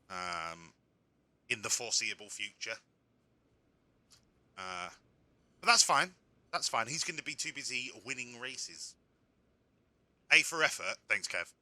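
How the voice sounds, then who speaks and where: Bright-voiced streamer. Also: male voice, mid-range voice, no room sound. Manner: joking, sweary, self-mocking. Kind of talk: casual game commentary.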